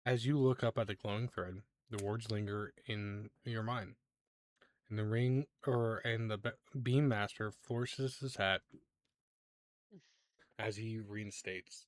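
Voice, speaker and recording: A man narrating a tabletop game as game master, halting with many fillers and quick to laugh. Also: lowish voice, flat delivery, dry recording, studio quality.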